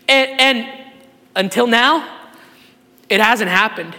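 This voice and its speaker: A male pastor preaching a sermon to his church, swinging from quiet, tender passages to loud, shouted appeals. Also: very high voice, unhurried, in a large hall. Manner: emotional, swings from soft to shouted. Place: church sanctuary.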